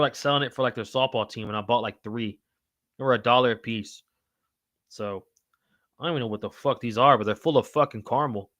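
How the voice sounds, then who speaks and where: A man's voice: medium pitch, bright, forceful tone, no room sound, studio quality. A man hosting a casual livestream podcast, reading chat aloud in a loose, slangy, profane way. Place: home room with wall signs.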